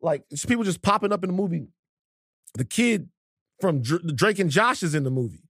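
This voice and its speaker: A man in his thirties hosting a podcast, talking in an animated, joking and profane way. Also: high-pitched, fairly quick, husky, no room sound, clean studio sound. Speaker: podcast host. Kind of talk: casual chat.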